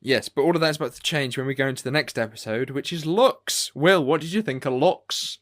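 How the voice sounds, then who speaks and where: A man's voice: medium pitch, brisk, fairly bright tone. A man hosting a casual podcast, chatty and rambling, laughing easily. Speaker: podcast host. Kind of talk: casual chat.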